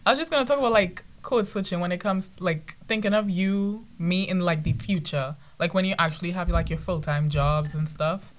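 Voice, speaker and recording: A woman's voice: on the low side, brisk, few pauses. A young woman, a student about to graduate, talking reflectively in casual chat with many fillers. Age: young adult. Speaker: student panelist.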